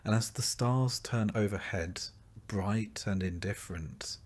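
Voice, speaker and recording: Male narrator, slightly low voice, slow and soothing bedtime-story read. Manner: slow, soft and calm. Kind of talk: scripted sleep-story narration.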